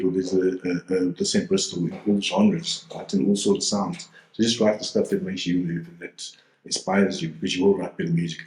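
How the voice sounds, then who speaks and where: A man's voice: sits low, darkish tone. A man in his forties from South Africa, a DJ and producer talking casually as an interview guest, rambling with lots of fillers and restarts over a video call. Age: 40s. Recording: roomy echo.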